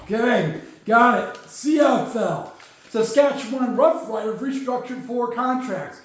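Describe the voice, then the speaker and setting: A man's voice: very high voice, lively intonation, measured pace. A man hosting a casual sports talk show, chatty and rambling, stumbling over numbers. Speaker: podcast host. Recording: very echoey room.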